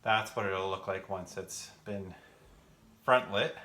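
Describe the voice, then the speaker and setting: A man's voice: low-pitched, fairly even intonation, takes it slowly, pushed and bright. A young man chatting casually on a livestream while working, out of breath and rambling with fillers. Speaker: gaming vlogger answering live chat. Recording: echoey room, faint background noise.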